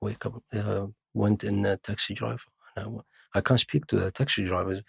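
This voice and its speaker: A man's voice: on the low side, fairly even intonation, fairly quick, vocal fry, a bit bright, breathy edge, no echo, clean studio sound. A middle-aged Iraqi man, native Arabic speaker, telling his story in broken English with London slang and acting out other people's voices, as a podcast guest. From Iraq. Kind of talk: casual storytelling interview.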